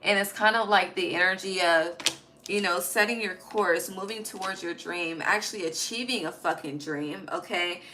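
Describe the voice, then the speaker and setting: A woman's voice: on the low side, normal speed, sharp tone, slight background noise, rough recording. A woman giving a casual, emphatic tarot reading, swearing freely and dropping slangy asides. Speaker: tarot reader. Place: home at night.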